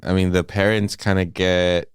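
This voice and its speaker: A man's voice: low-pitched, little pitch movement, normal speed, smooth, dry recording, clean studio sound. A man co-hosting a podcast, casually retelling a film with plenty of profanity and acted-out quotes. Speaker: podcast co-host. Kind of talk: casual movie-review chat.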